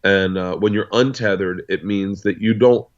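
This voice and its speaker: Deep-ish 40s guy rambling through funny stories, muffled lo-fi audio. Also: fairly even intonation. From United States. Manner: rambling anecdotal storyteller with quick asides. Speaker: guest. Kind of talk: casual storytelling.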